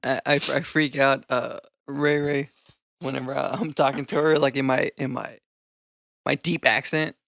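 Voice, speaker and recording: Gravelly, bright man chatting and laughing. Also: mid-range voice, level tone, moderate pace. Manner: laughs a lot, rambles with restarts. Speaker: podcast co-host. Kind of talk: casual chat.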